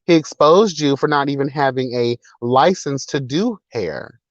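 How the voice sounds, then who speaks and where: A man's voice: medium pitch, expressive, measured pace, no room sound, lo-fi sound. A man hosting a casual livestream, talking in a sassy, profane, dramatic way. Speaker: livestream host reading chat. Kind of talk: casual chat.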